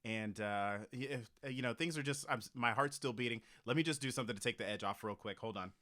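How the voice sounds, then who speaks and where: A man voicing a nervous young woman, a girlfriend talking in quiet, halting bits in a comedy podcast skit. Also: medium pitch, pitched below the performer's own voice, close to an everyday voice.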